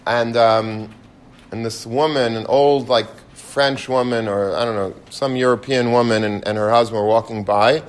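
A man gives a casual, story-filled sermon at a middle pitch. His stories move quickly, and his exhortations grow more heated and insistent. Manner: animated storyteller, rising to passionate exhortation. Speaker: rabbi giving a Torah talk.

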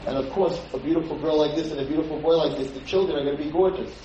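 Man, lecture, dramatic storytelling, chanted lines, booming echo, distant mic. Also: quick pace, dark tone, a little hiss or hum. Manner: retells the story with quoted speech and chants some lines. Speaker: lecturer teaching liturgy. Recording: very echoey room, distant mic, dull lo-fi sound.

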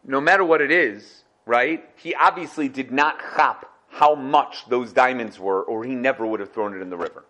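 A young man giving a scornful, sarcastic religious talk, swinging from loud outbursts to hushed asides. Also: medium pitch, moderate pace, hardly any pauses. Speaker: Torah speaker.

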